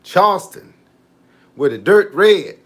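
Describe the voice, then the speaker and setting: A man's voice: high voice, animated, takes it slowly, a bit bright. A fitness coach chatting casually on a live stream, often starting with "hey, look" and answering his viewers' comments. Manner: laid-back, repeats "hey, look" and reads out viewer comments. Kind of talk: casual livestream chat with viewers.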